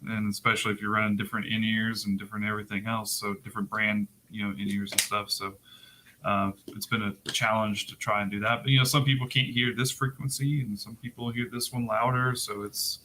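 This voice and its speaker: Bright low-voiced man explaining slowly. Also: little pitch movement, a little hiss or hum, poor audio. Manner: unhurried, explaining with many fillers. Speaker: bass player in a band. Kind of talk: casual podcast chat.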